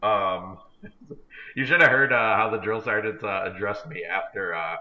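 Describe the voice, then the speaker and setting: A man's voice: on the low side, a little slow. A man co-hosting a podcast, telling a long self-deprecating story in a rambling, casual way. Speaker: podcast co-host. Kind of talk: casual chat. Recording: dull lo-fi recording.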